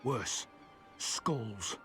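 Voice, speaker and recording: An actor playing a grave, level-headed companion in a video game who warns against rash action. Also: male voice, lowish voice, expressive, drawn-out words, fairly bright tone, soft background music, full character voice. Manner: grave, cautioning.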